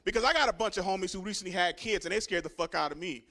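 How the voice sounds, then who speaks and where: Rapid-fire and high-pitched, with a pushed, bright tone, this young comedian from Richmond, California, works the comedy club crowd directly. His stand-up set is crude and full of swagger.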